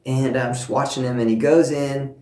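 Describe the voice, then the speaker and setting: A man preaching a sermon, telling a personal story with warmth and earnest emphasis, speaking to listeners at home. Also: mid-range voice, level tone, moderate pace, roomy sound. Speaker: pastor.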